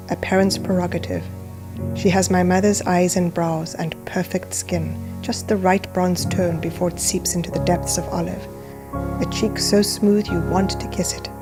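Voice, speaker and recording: A woman reading a reflective personal voice-over about being a mother, in a quiet, subdued and introspective way. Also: lowish voice. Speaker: mother narrating a documentary.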